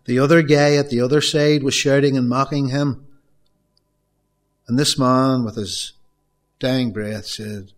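A man's voice: mid-range voice, fairly even intonation, unhurried, pauses often. A middle-aged man preaching a sermon, telling a story and repeating phrases for emphasis. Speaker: pastor.

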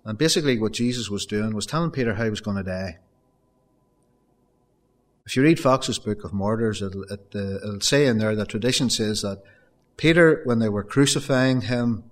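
A man's voice: lowish voice, normal speed. Earnest preacher man calling out to folks. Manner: earnest, builds to emphatic raised peaks; addresses the congregation as folks. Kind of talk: sermon.

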